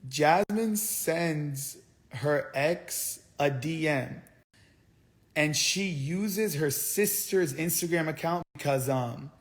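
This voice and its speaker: A young man rants to his viewers on a live stream, his voice sitting a little high for a man. He rambles through the story in heated bursts, swearing and restarting his sentences as he goes. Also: slow pace. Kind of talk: angry livestream rant. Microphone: phone.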